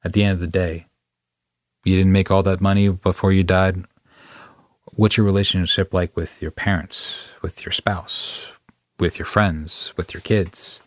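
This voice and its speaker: A man's voice: low voice, little pitch movement, moderate pace, no echo. A man hosting a podcast in a studio, talking in a reflective, rambling way and poking fun at his own wording. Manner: reflective, rambling, self-deprecating. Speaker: podcast host. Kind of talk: casual interview chat.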